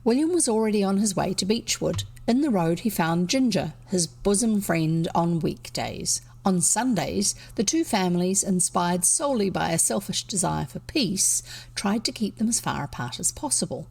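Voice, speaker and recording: New Zealand woman narrating a classic storybook aloud, unhurried, a little gravelly. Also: medium pitch. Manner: steady storybook narration with asides. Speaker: reader. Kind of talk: reading a children's book aloud.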